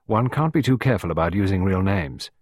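A man reading aloud and voicing a self-important government official husband who speaks gravely and solemnly about secrets. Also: deep voice, expressive, brisk, darkish tone, no room sound, clean studio sound.

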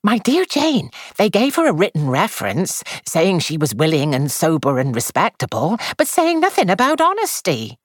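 A woman's voice: fairly low pitch, huge pitch swings, moderate pace, few pauses, no room sound, studio quality, voice pushed up. A woman reader voicing an eager, insinuating older village gossip.

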